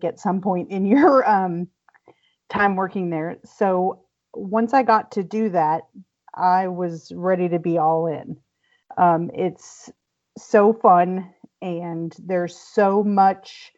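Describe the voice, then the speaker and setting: A woman's voice: lowish voice, darkish tone. A woman hosting a casual podcast chat from home, laughing often and using lots of fillers. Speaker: podcast host. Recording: dull lo-fi audio.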